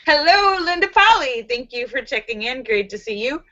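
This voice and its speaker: A woman's voice: high-pitched, pushed and bright, highs cut off. A woman hosting a casual live stream, bubbly and sassy, giggling between jokes and greetings. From United States.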